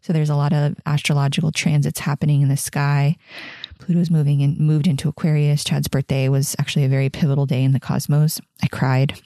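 A pregnant woman in her thirties talks in a candid, chatty way on her own podcast, laughing often and circling back on her words. Her voice sits low and mellow. The sound is close and dry, with no room around it. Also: level tone, brisk, no echo. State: heavily pregnant. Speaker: podcast host. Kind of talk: casual personal reflection.

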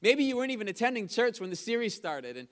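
Smooth-voiced energetic preacher man. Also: sits high, quick pace. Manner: energetic preaching with calls to the congregation; chatty storytelling asides. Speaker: pastor. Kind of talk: sermon. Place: church service.

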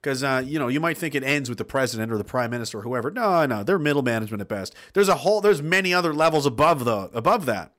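A man ranting on his livestream reads chat comments and reacts bluntly, with lots of swearing and laughs in between. His medium-pitched, slightly bright voice is animated and fast, with few pauses.

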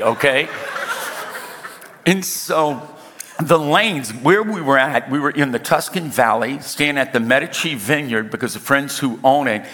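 Male preacher, sermon storytelling, humorous and emphatic, slightly high pitch, reverberant hall. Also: sharp tone. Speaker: pastor.

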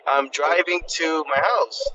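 A man's voice: on the high side, lively intonation, slow, highs cut off, noisy background. A man calling in to a podcast from his car, joking around and stumbling when put on the spot. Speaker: caller joining while driving. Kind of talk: casual podcast banter.

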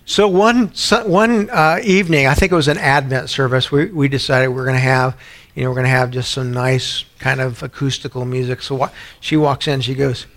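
A pastor preaching a sermon, emphatic, building to loud repeated points, then dropping quiet. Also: male voice, on the high side.

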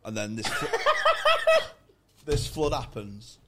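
A man's voice: medium pitch, wildly swooping pitch, takes it slowly, heavy background noise. A man, co-hosting a comedy podcast and telling a rambling, sweary story in casual chat. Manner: sweary, rambling storyteller, slips into mock voices. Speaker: podcast co-host.

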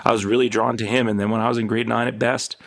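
A middle-aged Canadian man, a podcast host now being interviewed, telling rambling, animated stories in casual chat. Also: mid-range voice, fast, gravelly. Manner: rambling, animated anecdotes with many fillers.

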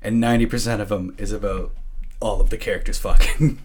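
A man's voice: fairly low pitch, steady tone, a little fast, slightly rough. A young man hosting a podcast, chatting casually, joking, swearing freely and laughing often. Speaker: podcast host.

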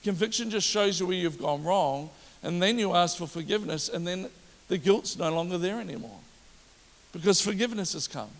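A man's voice: sits high, a little fast. A man preaching a sermon as pastor, talking directly to his congregation and checking whether they follow him. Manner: animated preaching with audience asides. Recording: long reverb of a large hall.

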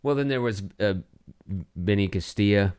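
A man's voice: on the low side, normal speed, darkish tone, smooth, no echo, studio quality. A man from Colorado co-hosting a podcast in a casual comedy chat, joking and laughing often. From Colorado, USA. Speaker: podcast co-host.

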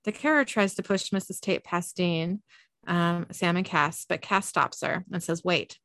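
A woman podcast host narrating a TV episode scene by scene, reading in a relaxed way with filler ums and uhs. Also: fairly low pitch, a little slow, dry recording, clean studio sound. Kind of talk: reading a scene-by-scene recap with chat.

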